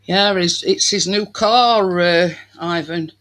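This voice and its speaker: A woman's voice: on the low side, slow pace, a bit bright, a little hiss or hum, rough recording. A woman hosting a home baking video, chatting casually to viewers while she works and saying "me" for "my". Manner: uses dialect "me" for "my".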